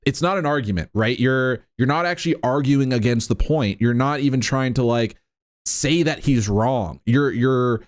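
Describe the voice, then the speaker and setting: A man with a medium-pitched voice and a moderate pace hosts a reaction commentary. He sounds incredulous and sarcastic, filling the gaps between points with "right?" and "like."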